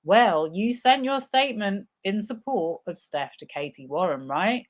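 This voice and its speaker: A woman's voice: medium pitch, expressive, a little slow. A woman live-streaming a reading of a legal deposition, voicing the questions and answers herself and breaking in with sarcastic asides. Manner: reads several parts in turn, interjects sarcastic asides. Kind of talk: live dramatic reading with commentary.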